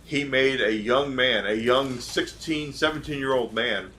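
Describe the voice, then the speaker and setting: A man streamer from Georgia tells a long story in a casual, rambling way while he plays. His voice sits at a middle pitch and sounds bright and forceful. He goes off on tangents with plenty of fillers. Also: a little slow, a little hiss or hum.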